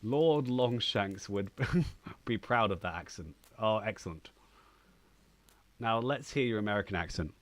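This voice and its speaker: A man with a fairly low voice chats through his gameplay as a streamer, cracking jokes and teasing himself. The sound is dry and close, with no room around it. He talks in a loose, casual way. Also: lively intonation, measured pace, no room sound. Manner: joking, chatty, playfully self-mocking. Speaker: gaming streamer.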